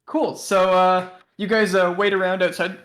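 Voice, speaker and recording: A man's voice: high voice, little pitch movement, normal speed, a bit bright. A young man narrating a tabletop game as game master, rambling with many fillers.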